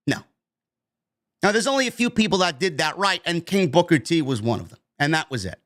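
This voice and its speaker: A man's voice: high-pitched, sing-song, brisk, fairly bright tone. A man hosting a wrestling news podcast, delivering an emphatic, opinionated rant and swearing freely.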